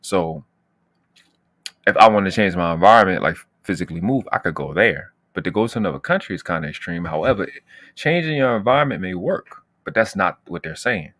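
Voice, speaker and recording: A brash man with a lowish voice hosts a casual livestream, talking straight to his chat. His talk is slangy and boastful, full of trash talk. The sound is close and dry, with no room around it. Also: expressive, a little fast, a bit bright, no room sound. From United States. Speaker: channel host.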